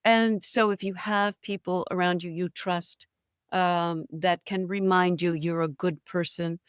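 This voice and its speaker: Unhurried and smooth, her voice runs on the low side as this older actress guests on a casual interview in New England. She's an animated storyteller given to frequent laughter, heard in a dry, clean studio recording.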